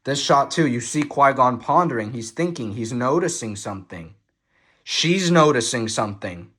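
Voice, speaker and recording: A young man giving casual, excited commentary on film stills, swearing freely and full of fillers and restarts. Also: mid-range voice, moderate pace. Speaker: vlogger reviewing a film photo book. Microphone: phone.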